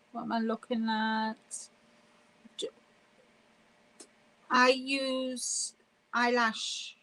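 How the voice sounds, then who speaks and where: Slow-talking high-voiced woman. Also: a bit bright, rough recording. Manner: chatty, laughs often, stops to read comments aloud. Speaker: live-stream host. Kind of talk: casual live-stream chat reading viewer comments.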